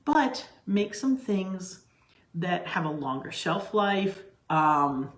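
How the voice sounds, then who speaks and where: A woman's voice: fairly low pitch, very animated, takes it slowly. A middle-aged woman hosting her own cooking channel, chatting casually to camera from her home kitchen and rambling through asides and restarts. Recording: roomy, echoey kitchen sound.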